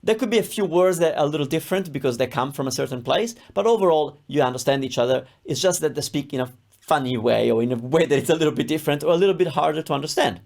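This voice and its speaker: A man from Rome with an Italian accent, teaching an online Italian lesson and slowly modeling pronunciations in a reassuring, explanatory way. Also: fairly high pitch, lively intonation, gravelly, a little mellow. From Italy, Rome area.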